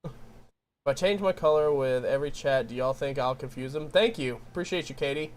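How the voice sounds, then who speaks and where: A man's voice: on the high side, moderate pace. A tired young man with a Southern US accent, rambling and giggling as he chats with his stream viewers. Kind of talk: casual chat with viewers.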